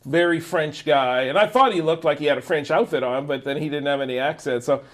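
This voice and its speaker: Male co-host with a slightly high voice, loose and jokey review banter. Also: brisk. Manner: jokey, laughs often, rambling asides; does mock voices when joking. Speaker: co-host of a movie review show. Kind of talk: casual movie review chat.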